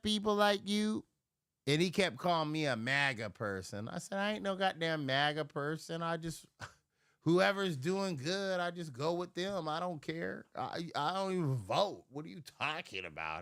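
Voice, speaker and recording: A man with a gravelly, bright-edged voice rants casually on a live stream, swearing freely. His pitch swings widely as he slips into loud impressions of people he quarrels with. The sound is dry and close. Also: normal speed, dry recording. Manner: profane and animated, shifts into loud impressions. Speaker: livestream host.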